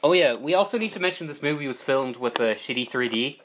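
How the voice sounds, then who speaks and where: A man's voice: mid-range voice, animated, fast talker, fairly bright tone, a little hiss or hum. Joking, playful male co-host. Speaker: podcast co-host. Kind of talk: casual movie-review banter.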